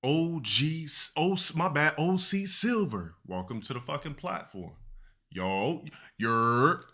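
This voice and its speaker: A man's voice: fairly high pitch, lively intonation, takes it slowly, bright, forceful tone. A man chatting casually on a live stream, profane and boastful, laughing between remarks.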